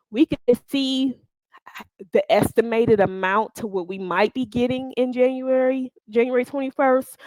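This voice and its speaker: A woman's voice: fairly high pitch, dry recording, low-quality recording. A woman hosting a reaction video, talking in blunt, profane, scolding commentary. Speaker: reaction channel host.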